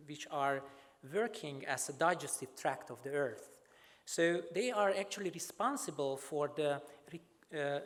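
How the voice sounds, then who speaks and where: Halting man lecturing in a reverberant hall. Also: a little high. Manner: halting, many filler sounds and restarts. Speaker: microbiology researcher giving a lecture. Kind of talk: academic talk with slides.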